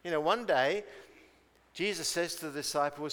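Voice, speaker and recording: A man's voice: a little high, normal speed, a bit bright, long reverb tail. A man preaching a chatty sermon, telling stories and acting out their people in voices.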